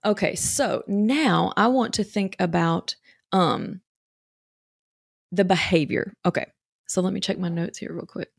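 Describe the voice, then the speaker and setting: A woman's voice: on the low side, measured pace, gravelly, long pauses, slightly rough, no room sound, studio quality. A woman talking as a parenting coach, chatty and reassuring, with lots of fillers. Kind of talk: casual coaching talk.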